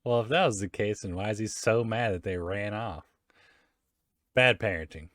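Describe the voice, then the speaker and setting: A man's voice: lowish voice, normal speed, fairly bright tone, dry recording, studio quality. A young man casually recapping a comic book for a friend, laughing often and loosely acting out the characters' lines. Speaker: comic reader and podcast host. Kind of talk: casual chat, reading comics aloud.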